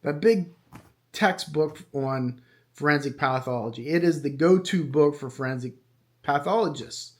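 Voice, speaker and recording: Middle-aged male podcast host, slightly higher pitch, casual and opinionated monologue with fillers. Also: measured pace. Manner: conversational, opinionated, with frequent fillers. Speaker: true crime podcast host and retired detective.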